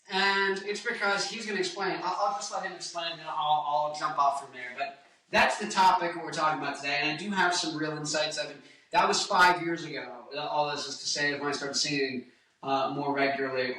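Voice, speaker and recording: A singer and guitarist in his twenties chats casually to camera, rambling, joking and interrupting himself. His voice is on the high side, pushed and bright, recorded away from the mic in an echoey room with faint music.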